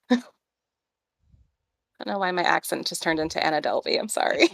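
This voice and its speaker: A woman's voice: fairly low pitch, animated, normal speed, vocal fry, pauses often, fairly bright tone, no room sound. A woman playing in a tabletop game, chatting casually between laughs. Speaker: player.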